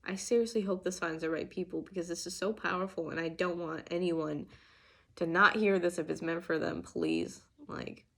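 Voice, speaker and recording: A woman's voice: lowish voice, steady tone, normal speed, gravelly, fairly bright tone. A young adult woman giving an earnest, emphatic channeled tarot reading, full of restarts and fillers. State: getting emotional. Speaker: tarot reader.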